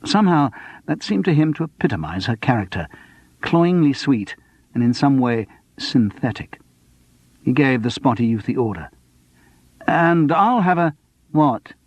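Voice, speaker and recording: A man narrates a cozy mystery with wry, measured storytelling. His voice has a husky grain, recorded close and dry with no room in it. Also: mid-range voice, lively intonation, darkish tone, no echo. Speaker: audiobook narrator. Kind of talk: scripted narration.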